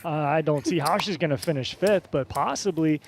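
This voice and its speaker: A man's voice: a little high, fairly quick, creaky, noisy background. A man giving live poker commentary in a chatty, coaching manner, explaining strategy as he goes.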